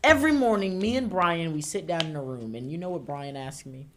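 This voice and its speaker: A young man co-hosting a political talk show, bantering casually and telling stories with lively asides to the audience. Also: on the high side, brisk, a little hiss or hum. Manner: animated storytelling, mimics others.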